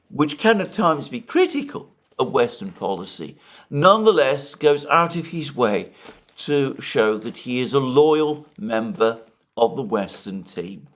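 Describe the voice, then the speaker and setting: A middle-aged man delivers political commentary in long, measured, winding sentences. He restarts a word now and then. His pitch rises and falls a great deal as he speaks. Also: lively intonation, a bit bright. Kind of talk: solo commentary reading from an article.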